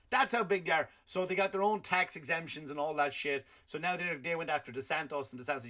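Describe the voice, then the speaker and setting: A man delivers a rambling comedy rant on his podcast. His voice is bright and forceful, and he swears freely while his loudness jumps around. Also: on the high side, quick pace, hardly any pauses.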